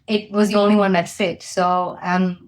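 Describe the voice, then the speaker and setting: A woman's voice: mid-range voice, little pitch movement, moderate pace, slight background noise. A woman being interviewed as a company founder, telling a personal story candidly with many fillers.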